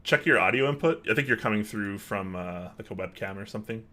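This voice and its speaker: A man's voice: lowish voice, lively intonation, fast talker, a crowd in the background. A man co-hosting an online show, chatting casually and rambling with many fillers while reading viewer questions. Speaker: podcast co-host.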